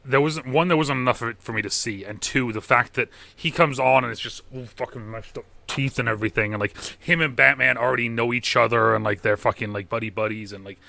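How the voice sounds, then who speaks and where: Bright-voiced man ranting about movies. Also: medium pitch, quick pace, gravelly, few pauses, dry recording. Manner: swearing, rambling, animated. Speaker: podcast host. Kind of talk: casual movie chat.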